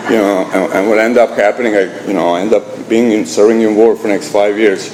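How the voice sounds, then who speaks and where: A man's voice: lowish voice, fairly quick, few pauses. A middle-aged man from Croatia with a Croatian accent, telling his recovery story at a meeting in a blunt, profane, self-mocking way, restarting his sentences. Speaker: AA meeting speaker. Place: meeting hall. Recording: echoey hall with faint room noise.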